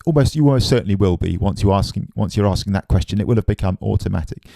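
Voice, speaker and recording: A man giving a relaxed, chatty drum lesson, often tossing in "man". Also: lowish voice, fast talker, gravelly, no echo. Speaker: drum teacher. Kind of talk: casual spoken drum lesson.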